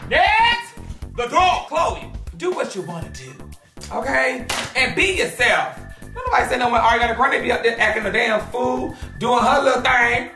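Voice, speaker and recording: A woman's voice: on the high side, expressive, moderate pace, pushed and bright. A woman hosting a gossip vlog, talking casually and bluntly, sassy and profane. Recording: echoey room, off-mic, music underneath.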